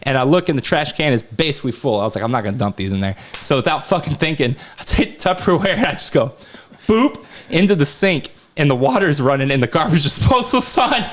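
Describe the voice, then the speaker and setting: A man's voice: a little high, sing-song, brisk. A young man co-hosting a casual podcast, telling a rambling, profanity-laced story with sound effects. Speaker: podcast co-host. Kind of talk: casual chat.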